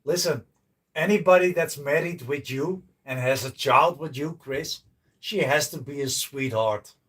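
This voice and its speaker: Blunt, slow-talking man livestreaming. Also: fairly high pitch, a bit bright, husky, recorded from a distance. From Netherlands. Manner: blunt, joking, swears freely. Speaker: livestreaming host. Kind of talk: casual livestream chat with viewers. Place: outdoors by a canal.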